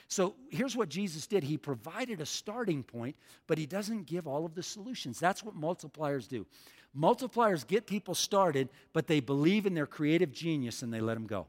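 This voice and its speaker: A man's voice: fairly high pitch, lively intonation, normal speed, a little mellow. A man preaching a sermon as pastor, emphatic, repeating lines for the congregation to say back. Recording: long hall reverb.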